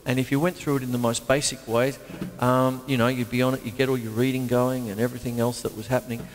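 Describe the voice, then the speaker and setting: A man's voice: mid-range voice, flat delivery, quick pace. An older man, chatting his way through a drum lesson, rambling and laughing often. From Australia. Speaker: drum teacher. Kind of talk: casual drum lesson talk. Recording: long hall reverb, loud drum kit. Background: drums and music playing.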